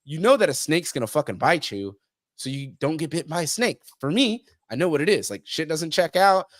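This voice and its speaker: This podcast guest talks in a high-leaning, sing-song voice at a fairly quick clip. In the casual chat he is blunt and profane, impersonating the people he quotes. The studio sound is clean, with no room sound.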